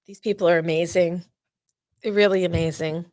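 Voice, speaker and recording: A woman's voice: on the low side, steady tone, normal speed, no room sound. A woman hosting a live awareness event, chatty and openly emotional as she presents. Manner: warm, emotional, chatty, uses y'all.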